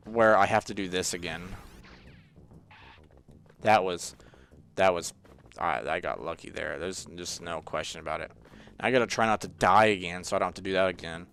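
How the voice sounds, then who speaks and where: Here a young man narrates his gameplay for his gaming channel in a low, smooth, slightly bright voice at a moderate pace. The let's-play talk is casual and rambling, jokey, quick to frustration, and packed with fillers.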